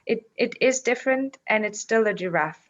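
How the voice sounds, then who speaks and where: A woman's voice: on the high side, lively intonation. Thoughtful woman, muffled audio. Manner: thoughtful, halting, repeats words while searching for phrasing. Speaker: interview guest. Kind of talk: reflective conversation, telling a parable.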